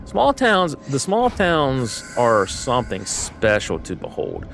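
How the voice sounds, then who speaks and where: A man's voice: medium pitch, wildly swooping pitch, slow pace, a bit bright, soft background music. A man from the United States, a gaming streamer, chatting casually and rambling with lots of fillers while he plays. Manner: rambling, filler-heavy, easygoing.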